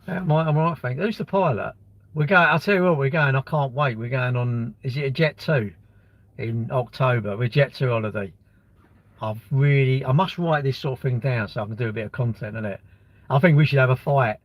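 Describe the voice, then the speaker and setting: A man's voice: medium pitch, brisk, no echo. A man, chatting on a live stream in a rambling, blunt way, with crude banter and answers to viewers' comments. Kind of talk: casual live-stream chat.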